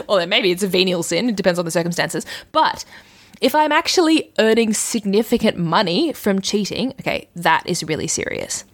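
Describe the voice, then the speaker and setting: Woman hosting a chatty lesson vid, super expressive voice, laughs a lot. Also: medium pitch, normal speed. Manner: lively, chatty, laughs often. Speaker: religious teacher, host. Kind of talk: casual explainer lesson.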